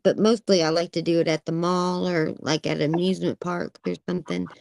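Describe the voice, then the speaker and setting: A woman's voice: fairly low pitch, a little fast, gravelly, a little mellow, dry recording. Woman chatting with disgusted exclamations. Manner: reacts with disgust, exclaims often. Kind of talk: casual chat.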